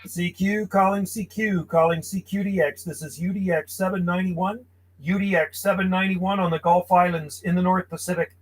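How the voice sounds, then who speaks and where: A man's voice: sits high, steady tone, normal speed, low-quality recording. A man, a friendly and chatty CB radio operator calling out call signs from his home radio room. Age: 50s. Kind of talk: casual radio calls and chat.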